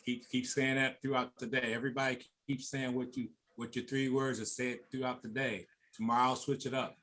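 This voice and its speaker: A man's voice: medium pitch, flat delivery, brisk, rough recording. A man leading a youth workshop, coaching the group with encouraging call-and-response. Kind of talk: motivational workshop talk. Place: conference room. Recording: loud background noise.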